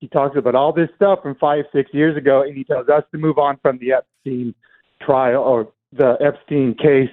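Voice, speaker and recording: A man's voice: mid-range voice, fairly even intonation, moderate pace. A man calling into a radio show, earnest and aggrieved, with hesitant fillers. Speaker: radio caller. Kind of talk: call-in radio. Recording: tinny phone line.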